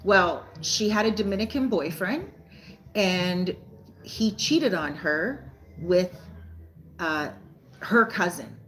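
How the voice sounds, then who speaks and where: A woman's voice: lowish voice, lively intonation, slow pace, pauses often, a bit bright, low-quality recording. A woman vlogger and soul coach telling a story to camera in a casual, rambling way, often tagging her sentences with "right?" and "you know". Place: lives in a Caribbean beach town.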